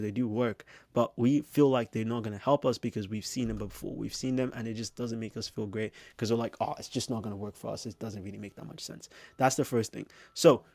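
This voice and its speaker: A man's voice: medium pitch, a little mellow, no echo. A man coaching on business, talking straight to camera in a casual, filler-heavy way. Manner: fast, casual, heavy use of filler phrases. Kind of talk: direct-to-camera business teaching.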